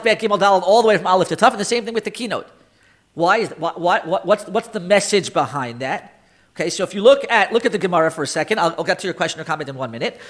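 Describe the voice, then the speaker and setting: A man teaching a Torah class in lecture style, animated, often repeating and restarting words and acting out sighs and groans. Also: sits high. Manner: acts out sighs and groans for effect.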